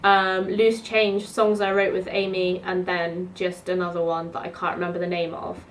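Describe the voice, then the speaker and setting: A woman's voice: fairly low pitch, level tone, moderate pace, a little hiss or hum. A woman, telling rambling stories to camera in a chatty way, full of "like". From South East London. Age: 20s. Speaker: student vlogger. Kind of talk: casual storytelling to camera.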